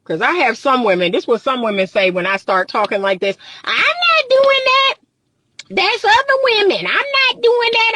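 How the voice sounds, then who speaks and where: Woman coach, high voice, preachy and emphatic, dry close phone mic. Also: a bit bright, no echo. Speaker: dating and relationship coach. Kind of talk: live-streamed monologue.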